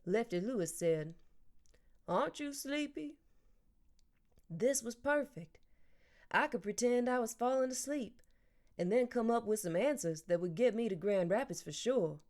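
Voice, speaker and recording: A woman narrating a children's novel in an even, clear storytelling voice. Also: a little high, moderate pace. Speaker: audiobook narrator. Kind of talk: audiobook reading.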